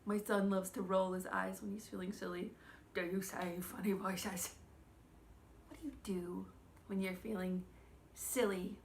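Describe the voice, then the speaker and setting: A woman in her thirties giving a children's church lesson, gentle and expressive, asking the children questions. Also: medium pitch, measured pace, creaky, long pauses, slight background noise.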